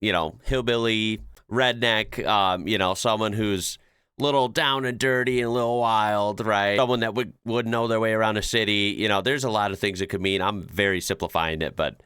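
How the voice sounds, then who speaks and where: A man's voice: fairly low pitch, steady tone, moderate pace, fairly bright tone, clear, resonant tone, no room sound, studio quality. A man hosting a reaction video, chatting casually with lots of fillers and laughs. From United States. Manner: laid-back, chuckles often, explains with many fillers.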